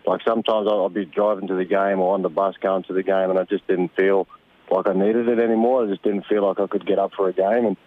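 A man's voice: low voice, flat delivery, quick pace, dry recording. A retired rugby league player in his thirties with an Australian accent, chatting casually on a phone line and laughing easily. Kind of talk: casual radio chat on the phone.

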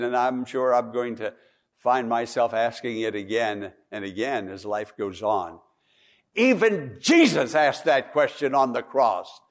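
Male pastor, slow deliberate sermon, swings from hushed to pleading. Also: mid-range voice, big pitch swings. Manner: swings from hushed to loud pleading, repeats words.

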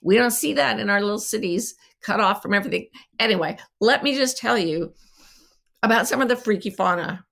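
A woman's voice: mid-range voice, brisk, creaky, a bit bright. A woman co-hosting a podcast, rambling playfully and poking fun at herself in casual chat. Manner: rambling, playful, self-mocking. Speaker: podcast co-host.

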